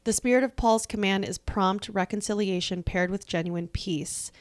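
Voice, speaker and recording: A woman's voice: mid-range voice, normal speed. Woman, podcast co-host, casual chat, laughing storyteller. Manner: chatty storytelling, laughs often.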